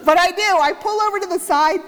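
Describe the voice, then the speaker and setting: A woman's voice: very high voice, a little fast, a bit bright. A woman pastor giving a sermon, telling a self-mocking story and acting out the quotes. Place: church. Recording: church hall reverb.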